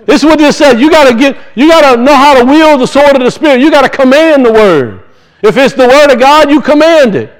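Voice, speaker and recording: High-voiced man preaching with folksy rhetoric. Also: animated, brisk, poor audio. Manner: conversational preaching with rhetorical questions and folksy stories. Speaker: pastor. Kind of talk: sermon.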